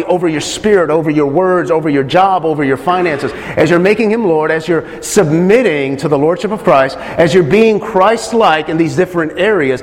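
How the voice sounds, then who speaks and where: A man's voice: high-pitched, big-room sound. A man preaching a sermon, emphatic, repeating phrases and putting questions to his listeners.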